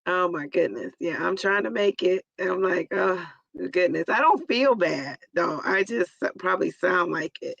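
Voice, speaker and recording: A hoarse, raspy woman in her forties hosting a live stream, chatting casually and greeting viewers by name. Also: on the low side, lively intonation, normal speed, fairly bright tone, no room sound, lo-fi sound. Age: 40s.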